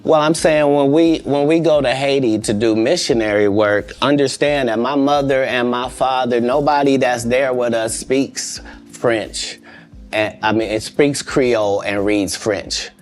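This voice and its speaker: A comedian being interviewed, telling stories about himself in a joking way. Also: male voice, medium pitch, a little slow, soft background music. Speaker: comedian guest. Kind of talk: interview conversation.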